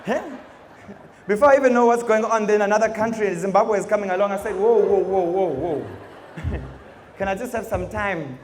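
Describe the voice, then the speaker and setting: A young South African man doing live stand-up comedy, animated and full of impressions and sound effects. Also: sits high, brisk. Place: stage in a large venue. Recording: echoey hall with audience noise.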